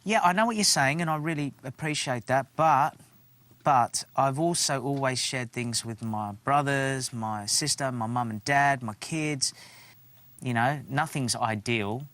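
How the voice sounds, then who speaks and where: Male radio guest from Australia; easygoing, self-deprecating, average pitch. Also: a little slow, fairly bright tone, no echo. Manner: self-mocking, laughs at himself. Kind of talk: joking radio chat. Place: radio studio.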